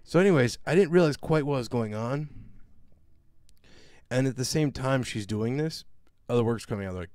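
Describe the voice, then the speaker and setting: A man co-hosting a podcast, telling a long story in a casual, profane, animated way and mimicking other people's voices. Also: mid-range voice, moderate pace, no echo, clean studio sound. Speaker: podcast co-host.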